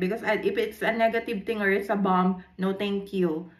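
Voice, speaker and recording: A woman's voice: mid-range voice, steady tone, normal speed, reverberant. A woman, telling a rambling story to camera in a casual vlog, repeating herself and mixing in Tagalog. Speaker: vlogger.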